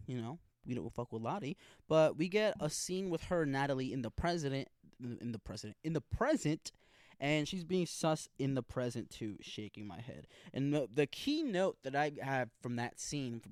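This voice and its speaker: A man's voice: medium pitch, darkish tone, clean tone, dry recording. Young man, casual recap, slangy and profane, rambling, dry close mic. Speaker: podcast host reviewing a TV episode.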